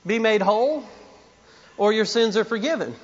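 A man's voice: sits high, normal speed, muffled recording. A man preaching a sermon, emphatic and repetitive, with asides to the congregation. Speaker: pastor.

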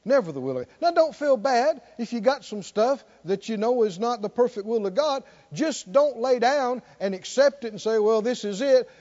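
A man preaching a sermon in call-and-response style, building to near shouts. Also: very high-pitched, moderate pace, few pauses, muffled recording.

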